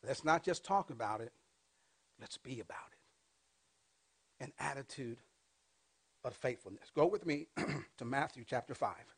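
A man in his fifties preaching a sermon as pastor, asking the congregation call-and-response questions and swinging between loud and hushed delivery. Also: medium pitch, lively intonation, moderate pace. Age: 50s.

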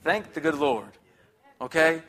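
A man's voice: a little high, expressive, unhurried, pushed and bright, slight background noise. A young man preaching a sermon in a chatty, upbeat, conversational way, often checking in with the congregation. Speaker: guest preacher.

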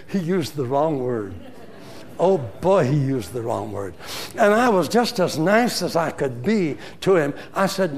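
An older man preaching a sermon, telling a story with animated swings from loud to hushed. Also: fairly high pitch, normal speed, gravelly.

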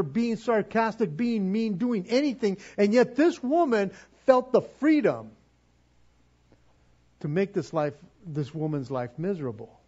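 A man delivers a sermon in an easy, conversational way and acts out little asides. His voice sits high and sounds husky. The recording is dull and lo-fi. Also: darkish tone. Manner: conversational, with acted-out asides and repetitions. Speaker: preacher.

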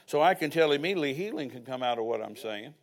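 A man's voice: medium pitch, animated, fast. An older man preaching a sermon as pastor, telling personal stories with folksy asides.

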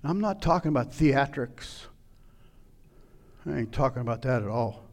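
A man preaching a sermon, retelling a scripture story and acting out its scenes with sudden loud outbursts. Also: medium pitch, lively intonation, moderate pace. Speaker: pastor.

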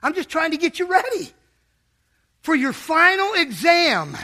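A man's voice: very high-pitched, sing-song, measured pace, sharp tone. A man preaching a fervent sermon in a church, calling out to the congregation.

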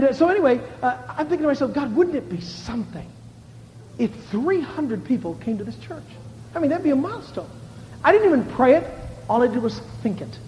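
A man preaching a sermon as a pastor, animated, moving between shouts and hushed asides and laughing often. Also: sits high, big-room sound, a little hiss or hum, low-quality recording.

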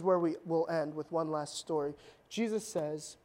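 A pastor preaching a sermon, telling stories in a conversational way with humorous asides and sudden drops from loud emphasis to quiet intensity. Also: mid-range voice, moderate pace.

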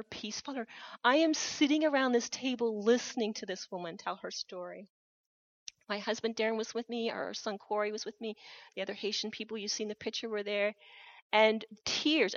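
A middle-aged woman tells a personal story in an earnest, reflective way, pausing softly between thoughts. Her voice comes through a slightly dull, muffled recording in a dry space with no room sound. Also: mid-range voice, no echo. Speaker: missionary speaker. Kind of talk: personal testimony talk.

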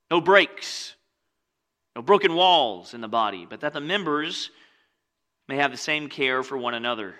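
Speaking in a mid-range voice, this male pastor preaches in a relaxed, conversational style. He blends scripture with jokes on the side, shifting from energetic, loud passages to softer ones.

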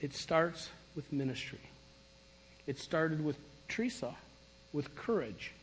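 A middle-aged man preaching a sermon, telling his story in an animated, emphatic way. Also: on the high side, slow, a little hiss or hum. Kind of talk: sermon testimony. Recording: long reverb of a large hall.

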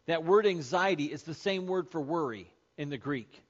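A man preaching a sermon as pastor, emphatic, repeating key phrases and slowing down to stress them. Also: a little high, lively intonation, lo-fi sound.

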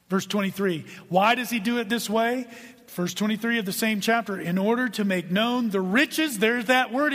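A man preaching a sermon as pastor, earnest, dropping to a hush and rising to emphasis as he reads scripture. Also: sits high, in a large hall. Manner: earnest preaching, swings between hushed and emphatic.

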